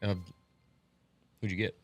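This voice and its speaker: A man co-hosting a podcast, telling stories and jokes in a deadpan way during casual chat. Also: unhurried, a little hiss or hum. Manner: deadpan joking storyteller. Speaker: podcast co-host.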